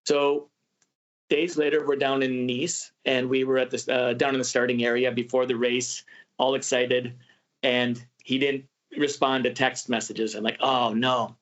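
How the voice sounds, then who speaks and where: A man hosting a travel podcast, telling a story in a casual, animated way and acting out what people said. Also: medium pitch, measured pace. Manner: animated, acts out quoted voices. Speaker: podcast host. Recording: muffled lo-fi audio.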